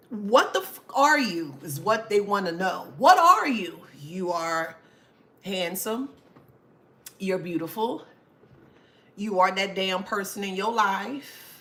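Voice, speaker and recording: A woman's voice: medium pitch, fairly bright tone. A woman hosting a casual talk to camera, sassy, laughing often and swearing freely. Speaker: channel host.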